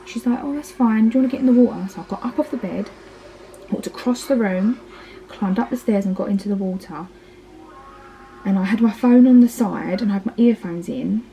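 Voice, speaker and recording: A little fast, with vocal fry and a warm, mid-range voice, a parenting vlogger in her thirties recounts her birth story; a bit of hiss or hum marks the rough recording. She has an Essex English accent, comes from Essex, England, chats freely with many a "like" and "um," and performs quoted lines.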